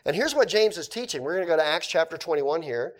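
A man's voice: a little high, expressive, fast. Conversational male pastor preaching. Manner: conversational, swings from emphatic to quiet asides. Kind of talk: sermon.

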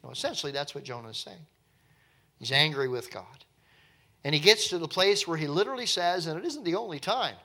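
A male pastor preaching at an evening church service. His voice sits a little high and rings bright, and he keeps the sermon conversational and animated, with dry, wry asides along the way. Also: brisk.

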